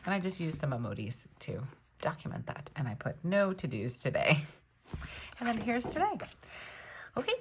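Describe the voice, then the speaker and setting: Low, gravelly-voiced woman vlogging. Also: slight background noise. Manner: chatty, warm-hearted, many ums. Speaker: planner channel host. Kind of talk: casual chat.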